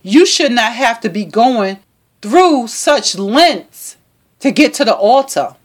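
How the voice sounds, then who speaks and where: A woman's voice: fairly high pitch, very animated, takes it slowly, pitched below the performer's own voice, exaggerated voice. A woman doing a firm, protective mother.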